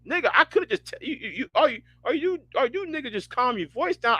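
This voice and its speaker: A man hosting a livestream, ranting casually in a profane, animated way, often stammering and restarting his words. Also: very high-pitched, moderate pace, dry recording. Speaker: livestream host.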